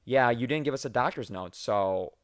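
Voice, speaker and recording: A man's voice: mid-range voice, normal speed, close to an everyday voice. Man mimicking a dismissive woman manager. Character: dismissive female store manager.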